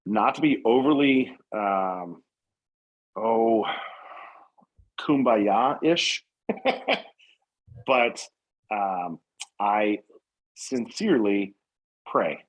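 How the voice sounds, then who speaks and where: A man's voice: on the low side, sing-song, extremely slow, pauses often, lo-fi sound. A man who owns a painting company, talking earnestly in a casual podcast interview, rambling with many fillers and restarts. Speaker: painting company owner, guest.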